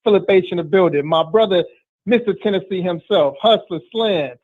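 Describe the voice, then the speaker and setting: A man's voice: high voice, moderate pace. A man hosting a casual talk show, brash and streetwise, reading chat comments. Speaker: podcast host, trainer. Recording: tinny phone-like line.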